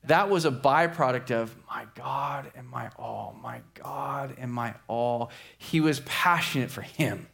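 A man preaching a sermon as a pastor, telling a story with lively acted-out quotes. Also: medium pitch. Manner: animated storyteller acting out quotes.

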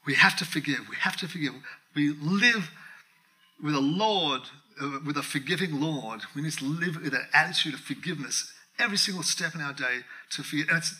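A middle-aged man preaching a sermon, telling a personal story with animated acted-out dialogue and frequent laughter. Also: on the high side, rough recording. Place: church.

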